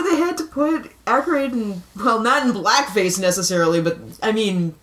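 A woman co-hosts a relaxed film-chat podcast, talking in a chatty, giggly way and often restarting her sentences. Her voice rings in an echoey room. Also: medium pitch, normal speed. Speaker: podcast co-host. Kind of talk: casual movie-discussion chat.

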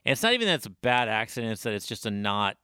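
Co-host, man, thirties, blunt and stubborn, bright forceful tone, dry close sound. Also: on the low side, very animated, fast, clean tone, no room sound. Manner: blunt, argumentative, swears. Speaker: podcast co-host. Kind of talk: casual chat.

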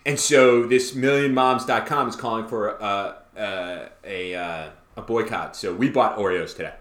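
Man, podcast co-host, casual chat, excitable, laughs a lot, voice jumps high in stories, roomy echo. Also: measured pace. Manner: excitable, laughs often, pitch jumps way up when telling stories.

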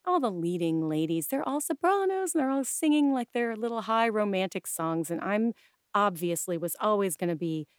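A woman speaks as a guest in a casual interview, chatty and animated, often restarting her sentences and slipping into voices of the people she quotes. Her voice sits at an ordinary pitch. The sound is dry, with no room echo. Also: moderate pace. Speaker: guest, improv coach and stylist.

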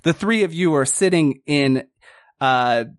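A man's voice: fairly high pitch, lively intonation, unhurried, smooth, dry recording, clean studio sound. A young man narrating as a game master in a casual, giggly way with lots of fillers.

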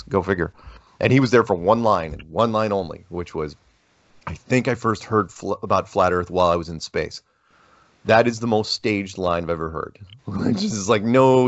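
Low voiced guy rambling thru stories in an interview, dry muffled sound. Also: no room sound. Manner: rambling, animated storytelling with restarts. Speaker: interview guest. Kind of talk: casual interview talk. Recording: dull lo-fi dry audio.

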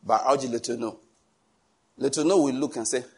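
A man preaching a sermon in an animated, joking way, with pleading asides to the congregation. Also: medium pitch, brisk, husky.

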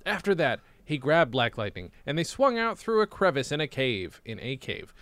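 A man's voice: a little high, big pitch swings, moderate pace, a bit bright, dry recording. A man reading an old childhood story aloud with comic, sarcastic asides. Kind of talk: comedic read-aloud with commentary.

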